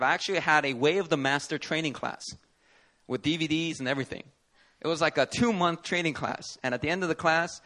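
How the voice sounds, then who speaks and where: At a church service, a man preaches a sermon as pastor, telling stories with animated energy and acting out the people he quotes. His voice is on the high side.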